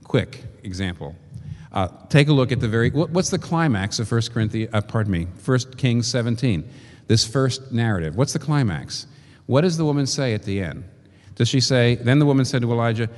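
A man preaching a sermon in an animated way, acting out quoted voices and repeating phrases for emphasis. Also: mid-range voice, normal speed, long reverb tail.

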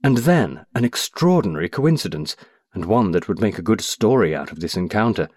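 A very deep male voice tells an audiobook story with expression and measured pacing, letting his intonation move vividly through each line. The recording is close and dry, with no room sound at all.

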